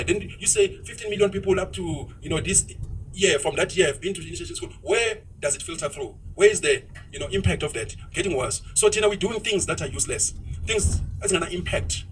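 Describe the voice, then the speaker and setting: Fast-talking, high-voiced South African man. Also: lively intonation, recorded from a distance, slight background noise, poor audio. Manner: blunt, ranting, switches into isiZulu phrases. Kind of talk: opinionated podcast talk.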